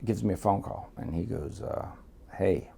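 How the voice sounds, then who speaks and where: Middle-aged guy from miami, gravelly low voice, cussing a lot while he tells a story. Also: normal speed, mellow. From Miami, United States. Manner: blunt, swears freely, acts out quotes. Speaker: guest. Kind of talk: profane storytelling.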